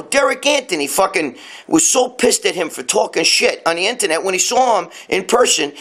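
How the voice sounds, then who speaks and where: A man's voice: high voice, a bit bright. A man in his late fifties hosting a casual live-stream rant, blunt and profane, rambling while answering viewer comments. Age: 50s. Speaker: live show host. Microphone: phone or webcam, live stream.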